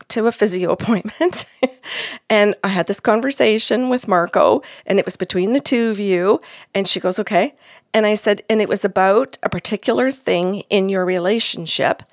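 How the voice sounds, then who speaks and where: A woman's voice: mid-range voice, animated, moderate pace, no room sound, studio quality. Woman medium retelling a reading. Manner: retells a reading in quoted dialogue. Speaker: psychic medium. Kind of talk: casual storytelling chat.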